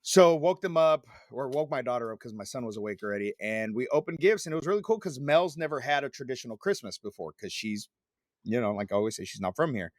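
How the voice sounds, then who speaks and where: A man in his forties tells a rambling story on a podcast, swearing freely and acting out both sides of each conversation. His voice sits at an ordinary middle pitch. The sound is dry and close, with no room around it. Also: fast, no echo. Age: 40s. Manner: profane, animated storytelling. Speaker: podcast host. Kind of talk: casual chat.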